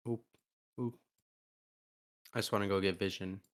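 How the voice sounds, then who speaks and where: A man's voice: low-pitched, steady tone, moderate pace. A young man chatting casually as a player in a tabletop game, easygoing and laughing often. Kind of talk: casual chat.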